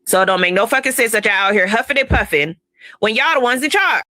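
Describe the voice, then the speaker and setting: A woman's voice: a little high, expressive, fast, pushed and bright, no room sound. Exasperated, profane woman in a dry room. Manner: exasperated, profane, rhetorical questions. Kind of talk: profane commentary rant.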